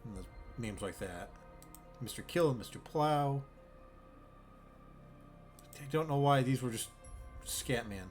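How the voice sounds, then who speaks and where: Male streamer, mid-pitched, rambling and swearing in puzzled asides, soft game music underneath. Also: expressive, slow pace, pauses often. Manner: bemused, profane, rambling. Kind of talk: casual gameplay commentary.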